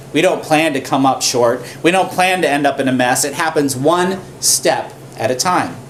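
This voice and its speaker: A man preaching a sermon as a pastor, telling a story with animated, repetitive emphasis. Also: medium pitch, a little hiss or hum. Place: church.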